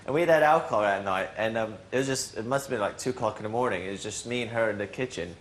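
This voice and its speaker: A man's voice: mid-range voice, fast talker, hardly any pauses, slight background noise. A young man, a reality show housemate, telling a funny story in casual chat, rambling and restarting as he goes.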